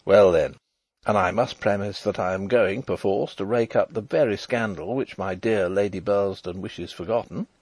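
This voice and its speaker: A man narrating a classic novel as an audiobook, wry and expressive in his storytelling. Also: lowish voice, moderate pace, slightly rough, no room sound. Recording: dry close recording.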